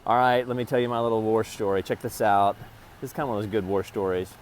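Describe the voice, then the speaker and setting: A vlogger sits in a parked vehicle, rambling and swearing at his phone camera in bursts. He talks fast in a steady tone with a lowish voice, and there's slight background noise.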